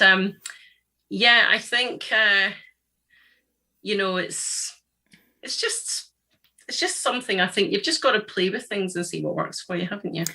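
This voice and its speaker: A woman's voice: mid-range voice, bright, forceful tone. A woman talking casually as an interview guest over a video call, chatty and friendly, often ending with tag questions. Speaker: guest, tutoring business owner.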